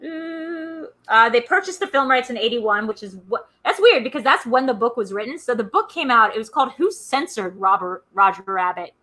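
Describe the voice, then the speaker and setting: A woman's voice: on the high side, animated, moderate pace, few pauses, bright, forceful tone, rough recording. A woman co-hosting a casual movie podcast, rambling through film trivia with many fillers and restarts. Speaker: podcast co-host.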